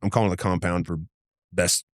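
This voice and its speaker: Low-voiced middle-aged man telling stories. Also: flat delivery, brisk, no room sound, clean studio sound. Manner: vivid, profane anecdote-telling that acts out dialogue. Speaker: podcast guest, former undercover agent. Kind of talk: casual storytelling interview.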